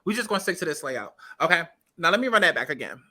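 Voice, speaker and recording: Her voice is fairly low but sing-song, pushed and bright, and she talks fast. As a commentary vlogger scrubbing through a reality-TV clip, she addresses viewers directly with casual, profane remarks, hammering points home by repeating them.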